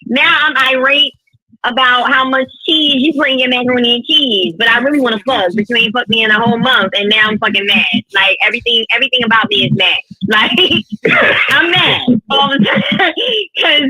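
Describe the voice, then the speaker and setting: A woman on a podcast panel, talking in a brash, profane, animated way. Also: on the high side, fast, breathy edge, no echo, low-quality recording. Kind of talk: casual podcast chat.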